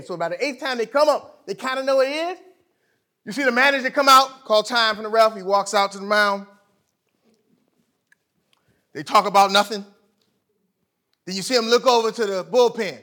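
A man preaching a sermon in an emphatic, conversational way, swinging from loud to quiet. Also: extremely high pitch, moderate pace, pauses often. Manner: conversational, illustrates with sports stories.

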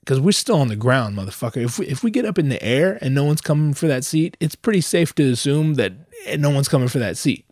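A man telling a stand-up story full of swearing, lively and animated, his voice leaping up whenever he acts out a quote. The sound is dry and close, with no room around it. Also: mid-range voice, fast talker, few pauses, no room sound. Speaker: comedian.

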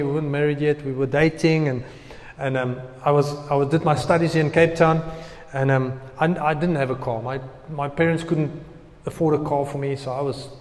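A young man preaching, telling a personal story in an animated way and acting out his own prayers. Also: a little high, big-room sound. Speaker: pastor.

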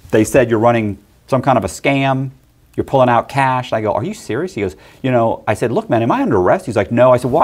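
A middle-aged man telling a personal story in casual talk, animated and acting out other people's lines in quick voices. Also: medium pitch.

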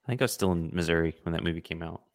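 A man's voice: deep voice, steady tone, racing, dry recording, clean studio sound. A man co-hosting a movie podcast, leading the ranking and making wry jokes. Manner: wry, joking, moves the list along. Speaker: podcast co-host leading the list. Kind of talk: casual chat.

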